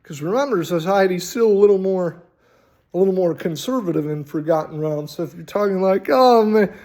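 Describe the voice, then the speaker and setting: A man hosting a casual, rambling talk on tabletop role-playing, animated and full of swearing. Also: high-pitched, a little fast. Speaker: host.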